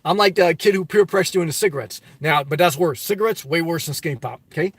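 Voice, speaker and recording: Man, middle-aged, from the US Northeast, casual live-stream chat, upbeat and preachy, fairly high voice, dry close mic. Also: fast, fairly bright tone, husky, dry recording. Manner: upbeat, preachy, talks straight to viewers.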